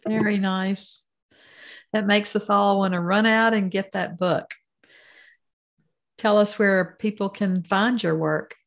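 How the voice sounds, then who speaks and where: A woman's voice: mid-range voice, fairly even intonation, takes it slowly, vocal fry, long pauses. A female podcast host with a Southern US accent, chatting in a friendly, conversational way. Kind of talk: casual interview chat.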